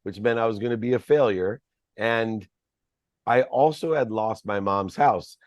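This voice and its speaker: Low-voiced man telling his life story. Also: unhurried, no room sound. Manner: earnest, reflective storytelling. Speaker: podcast guest. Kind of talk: personal storytelling.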